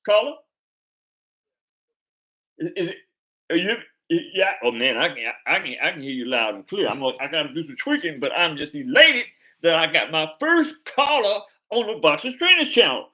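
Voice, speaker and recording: A man hosting a live chat stream, his bright voice swinging high and low. He talks loosely in street slang and stumbles, repeating words as he goes. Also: very animated, moderate pace. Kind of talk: casual live stream talk.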